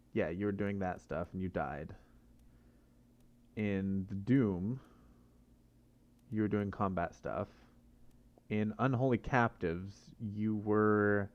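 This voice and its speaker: A man's voice: fairly low pitch, highs cut off. A man playing a mystery game, muttering and reasoning aloud to himself in casual commentary. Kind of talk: casual let's-play commentary.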